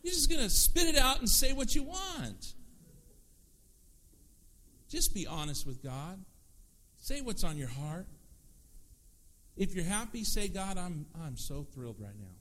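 A man preaching a sermon as pastor, lively and conversational, acting out prayers and quoted voices. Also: high voice, a little slow, pauses often.

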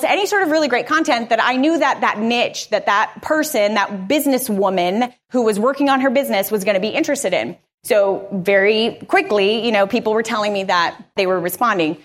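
Lively higher-voiced woman presenter. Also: moderate pace, hardly any pauses. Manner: energetic, candid, conversational. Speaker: podcaster giving a conference presentation. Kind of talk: live conference talk.

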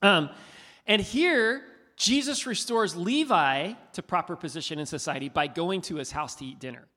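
A man preaching a sermon, asking his listeners questions in an animated, conversational way. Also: high-pitched, normal speed. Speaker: pastor. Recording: hall reverb.

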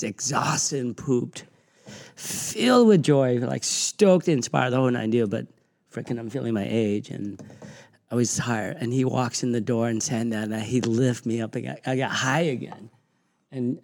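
A middle-aged podcast host tells stories with a lot of energy. He swears freely and laughs along with his own anecdotes. His voice sits in a plain middle pitch. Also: a little mellow. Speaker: podcast host and gym owner. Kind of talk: casual storytelling.

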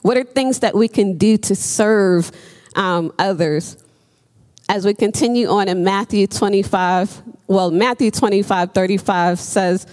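A woman's voice: medium pitch, a little slow, darkish tone. Woman preaching, earnest and emphatic, lots of ums, long echo like a church hall. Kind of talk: sermon.

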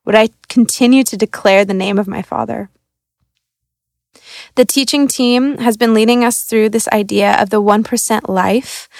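A woman's voice: medium pitch, vocal fry, dry recording. A young woman from a church staff reading a devotional in an earnest, reflective way. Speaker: church creative arts coordinator.

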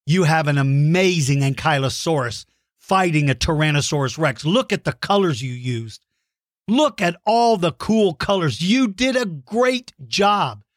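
A man hosting a children's podcast, reading out listener mail with big enthusiasm, warm praise and playful mock-outraged shouts. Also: on the high side, lively intonation, measured pace, no room sound, studio quality. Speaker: kids' podcast host.

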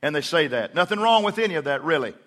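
Folksy preacher in a reverberant church. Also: male voice, on the high side, animated, quick pace, a bit bright. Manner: folksy storytelling with acted-out quotes. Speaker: pastor. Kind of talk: sermon.

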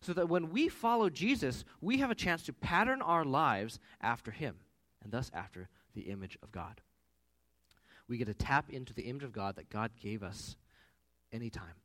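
Animated man preaching a sermon. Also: medium pitch, normal speed. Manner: animated, conversational with personal anecdotes. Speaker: pastor.

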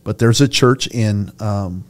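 A man's voice: on the low side, slow. A middle-aged man, a senior pastor, talking earnestly and passionately in a conversational interview. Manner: earnest, impassioned storytelling, gets choked up.

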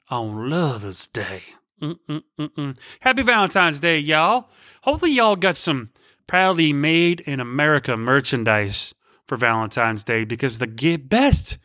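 Male podcast host, rambling casual monologue, playful, bright voice, dry close sound. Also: medium pitch, no echo. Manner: rambling, goes off on tangents; playful, shifts into silly voices.

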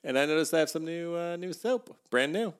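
A man's voice: on the high side, animated, brisk, smooth. A man co-hosting a casual podcast from his kitchen table, telling wry, rambling stories. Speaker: podcast co-host. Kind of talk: casual chat.

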